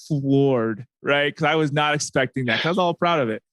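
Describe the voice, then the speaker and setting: A man's voice: fairly high pitch, fairly quick, a bit bright, no room sound. A man hosting a podcast, telling a long personal story in a casual, rambling way, packed with fillers and asides. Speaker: podcast host.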